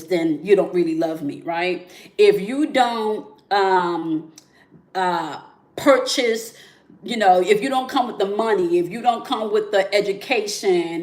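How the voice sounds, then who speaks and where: A woman's voice: mid-range voice, echoey room. A woman hosting a spiritual relationship talk in a casual, conversational way, often checking in with "right?" and "okay?". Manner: conversational, many fillers and "right?" tags. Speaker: spiritual relationship channel host.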